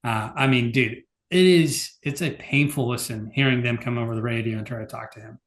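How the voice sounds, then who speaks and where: A man's voice: medium pitch, steady tone, a little fast. A man co-hosting a podcast, talking casually with lots of fillers and some exasperation. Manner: loose, filler-heavy, exasperated. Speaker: podcast co-host. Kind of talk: casual chat.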